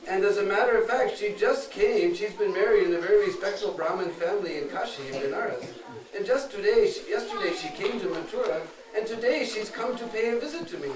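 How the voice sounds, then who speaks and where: A woman's voice: medium pitch, expressive, brisk, crowd noise, pitched above the performer's own voice, natural voice. A man voicing a chatty, reassuring young woman, heard in an echoey, distant recording.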